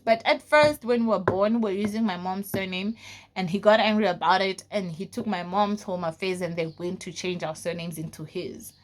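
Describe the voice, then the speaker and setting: A young woman from South Africa telling a personal story in a casual vlog, full of fillers and often dropping to a low, quiet voice. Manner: casual, frequent fillers like "like" and "you know". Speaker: vlogger.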